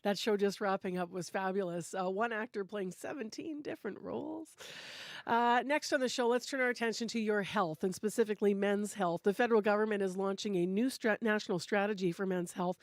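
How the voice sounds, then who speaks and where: Woman, morning radio host, casual, dry studio sound, mid pitch. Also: fairly quick, no echo. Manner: relaxed, filler-heavy delivery. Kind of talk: live radio hosting and weather. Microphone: studio microphone.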